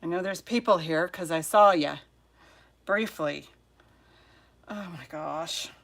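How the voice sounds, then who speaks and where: On her jewelry sale livestream, the host mutters to herself in a flustered, chatty way while her devices give her trouble, then says hello to viewers one at a time. She speaks slowly, in a lowish voice with a fairly bright tone.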